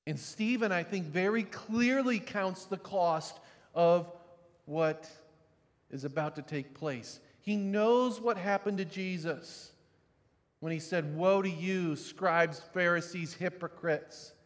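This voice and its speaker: Man preaching a sermon in a hall. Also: slow pace. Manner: swings from quiet, low reflection to loud, emphatic preaching. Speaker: pastor.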